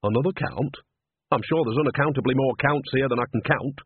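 A man's voice: medium pitch, brisk, a little hiss or hum, close to an everyday voice. A man voicing a cheerful, cheeky old woman witch in a storybook reading, chatty and sly. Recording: narrow phone-like band.

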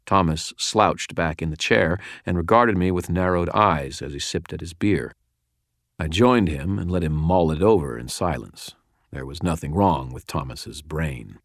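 A man reading a first-person audiobook narration in a wry, deadpan storytelling manner. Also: low-pitched, unhurried, no room sound, clean studio sound.

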